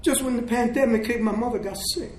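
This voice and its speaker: Older man, high voice, emotional recovery testimony in an echoey hall with faint noise behind. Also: steady tone, fast, a little mellow. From South Bronx, New York. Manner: emotional, storytelling with quoted dialogue. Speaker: recovery speaker. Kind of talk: personal testimony speech.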